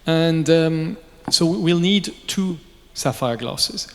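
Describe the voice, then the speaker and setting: A man, a watch brand founder, telling lively, jokey anecdotes at a press conference. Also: on the high side, slow pace, a little hiss or hum. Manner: lively, jokey, with asides and laughs. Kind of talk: anecdotal storytelling. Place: event venue. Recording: long reverb in a large space.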